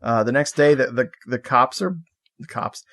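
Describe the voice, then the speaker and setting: Over a video call, a podcast co-host with a mid-range voice chats through a casual movie recap. He's relaxed and amused, laughing a little as he retells scenes and drops quick put-on quotes.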